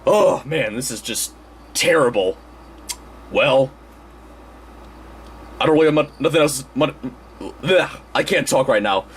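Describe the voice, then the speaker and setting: A man's voice: mid-range voice, lively intonation, a little slow, pauses often, a little hiss or hum, natural voice. A man voicing a grumpy cartoon bird who hosts his own show, rambling hesitantly with lots of ums and restarts. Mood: weary. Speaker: show host. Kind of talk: casual chat.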